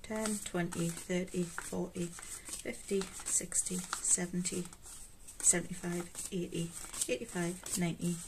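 Counting out cash for her budget, this Geordie woman, a budgeting vlogger, chats casually and mutters to herself at a measured pace. Her voice sits lowish with little movement in pitch. Rustling notes make up the background noise in an otherwise clear recording.

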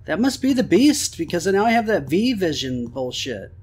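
Excitable gamer guy, swears a lot, bit higher voice, lots of ups and downs. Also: moderate pace, husky. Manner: excitable, swears often, talks to the game. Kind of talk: let's play commentary.

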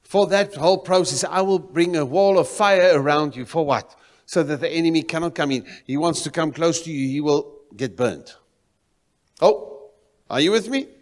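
Pastor from South Africa, mid-pitched male voice, preaching with sudden loud rises and hushed drops, long church reverb. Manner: preaching with swings between loud exclamations and quiet emphasis. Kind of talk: sermon. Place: church sanctuary.

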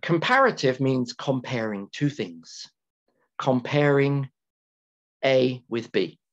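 A man teaching an English grammar lesson to students, talking slowly and deliberately, repeating key words and stretching them for emphasis. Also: medium pitch, sing-song. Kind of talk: recorded classroom grammar lecture. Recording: dull lo-fi lecture recording with keyboard typing.

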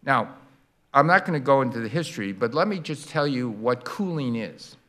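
An older man giving a public university lecture, explaining science with animated sound effects and demonstrations. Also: mid-range voice, moderate pace. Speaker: guest lecturer. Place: lecture hall.

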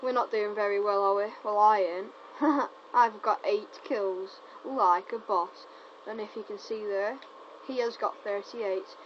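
A woman giving casual, teasing gameplay commentary, excitable and often stumbling over her words. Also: medium pitch. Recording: dull lo-fi recording with faint noise.

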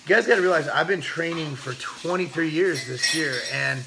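A man's voice: on the high side, normal speed, creaky, noisy background. A middle-aged man vlogging casually about his meals, blunt and joking, with some swearing. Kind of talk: casual vlog narration.

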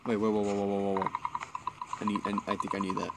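A man giving casual let's play commentary, excitable and jumpy, swearing when startled. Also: on the low side, quick pace, long pauses, heavy background noise. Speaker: gameplay commentator.

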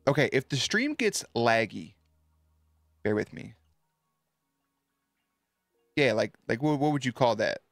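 A man's voice: mid-range voice, big pitch swings, unhurried, gravelly, pauses often, no room sound, clean studio sound, soft background music. A man streaming live, chatting loosely and swearing as he tells a story to his viewers, with many restarts.

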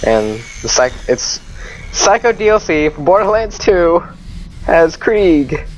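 A man commentating a horror game, jumpy and swinging from muttering to panicked yelling, his voice cracking from screaming. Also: fairly high pitch, sing-song, slow pace, slight background noise, low-quality recording. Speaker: let's play gamer.

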